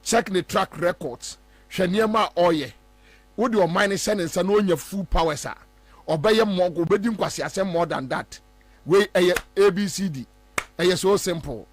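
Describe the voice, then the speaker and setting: A Ghanaian man talks through politics in a lively, high-pitched voice, sliding between Twi and English and mimicking others as he goes. The sound is dry and close, with a faint mains hum underneath. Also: unhurried, no echo. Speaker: political commentator. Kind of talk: animated political commentary.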